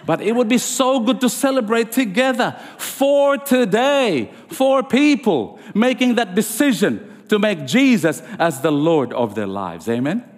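Male pastor, sermon delivery, emphatic, high voice, church-hall reverb. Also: very animated, unhurried, hardly any pauses. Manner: emphatic preaching, rises high on key lines. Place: church sanctuary.

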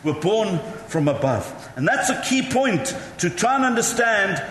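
A man's voice: high-pitched, big pitch swings, unhurried, fairly bright tone, a little hiss or hum. A male pastor preaching a sermon, telling chatty, self-mocking stories to the congregation. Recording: echoey hall with faint ambience.

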